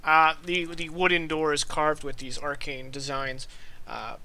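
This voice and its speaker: A man's voice: fairly high pitch, little pitch movement, measured pace, bright, forceful tone. A man narrating a tabletop game as game master, describing scenes with many fillers.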